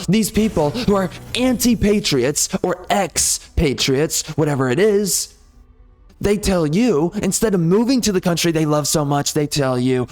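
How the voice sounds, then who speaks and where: Indignant male host, fairly high-pitched, ranting with sarcasm and heavy emphasis. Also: darkish tone. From United States. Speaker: gaming video host. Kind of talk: angry monologue rant.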